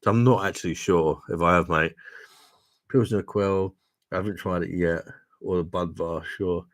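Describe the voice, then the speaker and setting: A man's voice: low-pitched, fairly even intonation, moderate pace. A man hosting a casual drinking livestream, tipsy, laughing often and calling people "mate". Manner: swearing, laughing, says "mate" a lot. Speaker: livestream host reading viewer comments. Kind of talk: casual chat.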